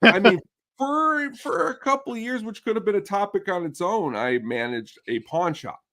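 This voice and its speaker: Animated, slightly high-voiced man telling stories. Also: normal speed, a crowd in the background. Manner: animated storyteller who acts out the people he quotes. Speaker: podcast guest. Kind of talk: casual podcast chat.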